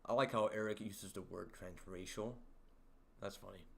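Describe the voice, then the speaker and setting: A man hosting a livestream, chatting casually and teasing his viewers in a rambling, halting way. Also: lowish voice, steady tone, vocal fry, a bit bright. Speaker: livestream host. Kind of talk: casual livestream chat, reading viewer comments.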